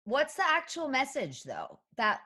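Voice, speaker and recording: A woman's voice: sits high, wildly swooping pitch, measured pace, sharp tone, breathy edge. A woman guesting on a comedy podcast who chats playfully and laughs often. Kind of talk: casual comedic chat.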